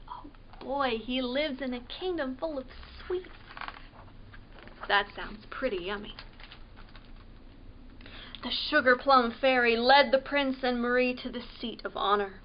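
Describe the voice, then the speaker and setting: A woman reads a picture book aloud for a library storytime in a high, unhurried voice. She is expressive and stops to ask the children questions. The recording sounds a little dull and lo-fi.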